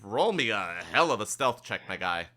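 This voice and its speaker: A man's voice: lowish voice, sing-song, moderate pace, sharp tone. A man running a tabletop game as game master, explaining casually with lots of fillers.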